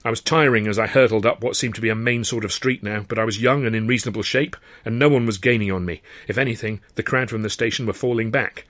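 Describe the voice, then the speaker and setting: A man reading his own novel aloud as author-narrator, with brisk, wry storytelling. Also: fairly low pitch, steady tone, a bit bright. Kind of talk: audiobook narration.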